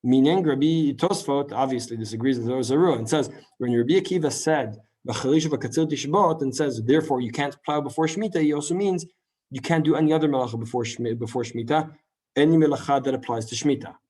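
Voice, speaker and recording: A man teaching a Talmud class in a lively lecture style, full of rhetorical questions and quick asides. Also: medium pitch. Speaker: Torah teacher.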